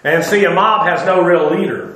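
A man with a high voice teaches a Bible sermon in a loose, conversational way. He drops filler "uh"s and slips into dry, sarcastic asides. His voice rings through a very echoey room. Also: moderate pace, fairly bright tone. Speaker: preacher.

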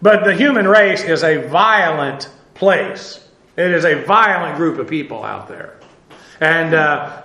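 A man teaching a Bible study on the Greek text, speaking haltingly with many fillers and spelling out words letter by letter, in a classroom. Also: fairly high pitch, bright, forceful tone. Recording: echoey room.

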